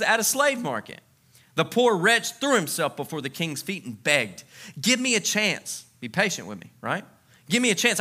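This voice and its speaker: A man's voice: high-pitched, sharp tone. A man preaching a sermon, reading scripture and adding casual asides, repeating key phrases for emphasis. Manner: conversational preaching with asides and repetitions. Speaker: pastor.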